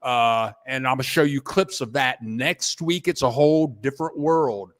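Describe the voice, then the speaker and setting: A man hosting a casual livestream, rambling in a halting, repetitive way, thanking viewers and restarting his sentences as he chats from his computer at home. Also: medium pitch. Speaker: livestream host reading viewer donations.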